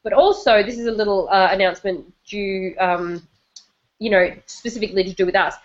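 Excitable woman podcaster, muffled. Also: mid-range voice, a little fast. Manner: excitable, lively storyteller with fillers. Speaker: podcast co-host. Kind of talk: casual podcast chat. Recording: muffled lo-fi recording.

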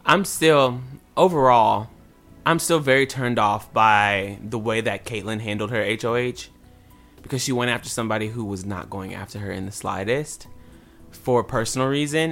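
A man's voice: medium pitch, moderate pace, a bit bright, soft background music. A man hosting a casual podcast, giving earnest, personal commentary. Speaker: podcast host. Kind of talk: casual chat.

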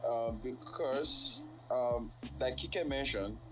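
A man's voice: mid-range voice, expressive, slow, pushed and bright, faint music behind, low-quality recording. A man in a casual chat, speaking hesitantly and thoughtfully with many fillers. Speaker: guest.

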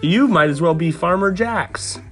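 A father and podcast host reading a farm picture book aloud to his children and making animal sounds in a playful, animated way. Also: high voice, a little slow, soft background music.

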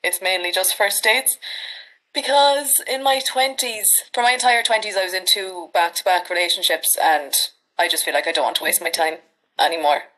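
An Irish woman in her thirties, a podcast guest telling dating stories in a chatty, animated way with frank swearing. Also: on the low side, normal speed, rough recording. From Ireland. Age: 30s. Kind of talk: casual storytelling chat.

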